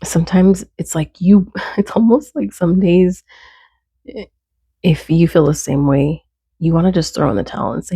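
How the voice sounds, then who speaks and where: A woman's voice: on the low side, steady tone, moderate pace, dark tone, breathy edge, no echo, studio quality. A woman giving earnest, conversational faith encouragement, stacking short repeated phrases. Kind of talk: casual faith talk to camera.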